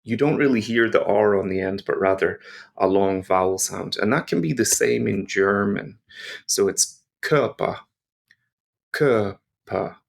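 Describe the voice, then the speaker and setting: A man with an Irish accent teaching a language lesson, patiently repeating example words slowly. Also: lowish voice, vocal fry. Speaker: German teacher.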